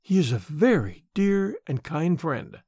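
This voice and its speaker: Old white-haired woman, quiet and emotional, slow, read by a man. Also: fairly high pitch, very animated, husky, dry recording, clean studio sound, full character voice. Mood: tearful.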